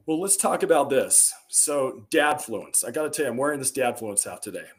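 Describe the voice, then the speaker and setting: A man's voice: mid-range voice, animated, fairly quick. Earnest, emphatic man on a podcast. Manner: earnest and emphatic, with rising bursts of energy. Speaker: podcast guest. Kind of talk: conversational interview storytelling.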